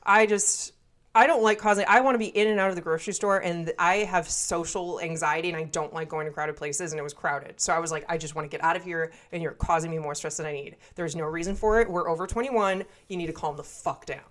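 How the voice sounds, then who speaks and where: A podcast co-host in her twenties tells a story casually and bluntly, swearing freely and acting out everyone's quoted lines. Her voice is lowish and she talks fast.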